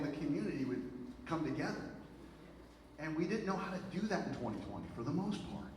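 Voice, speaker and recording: A man's voice: fairly high pitch, brisk. Man speaking in an echoey hall from afar. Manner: animated storytelling with frequent fillers and asides. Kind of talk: public speech to a live audience. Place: event hall with an audience. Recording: very echoey hall from far off, noisy.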